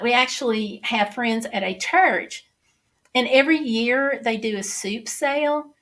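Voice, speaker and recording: A middle-aged Southern woman hosts a casual livestream, chatting away while reading viewer comments aloud and answering them. Her voice is on the high side with a fairly bright tone.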